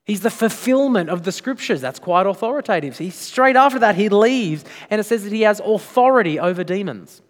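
A man's voice: high-pitched, animated, fairly quick, hardly any pauses. A man preaching a sermon as pastor, emphatic, with frequent rhetorical questions. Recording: long reverb of a large hall.

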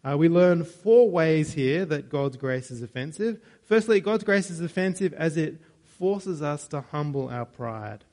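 A man's voice: on the high side, lively intonation, measured pace, few pauses, darkish tone. Joking man preaching a sermon. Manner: conversational, with joking asides and self-corrections.

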